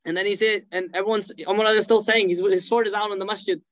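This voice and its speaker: A man delivers an emotional sermon in a high, quick voice, racing through the story and acting out each quote. His speech is dotted with Arabic phrases. The recording is dry and slightly muffled. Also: steady tone, fairly bright tone, no room sound. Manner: rapid, fervent retelling with acted quotes and Arabic phrases. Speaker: preacher. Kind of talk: emotional religious storytelling lecture.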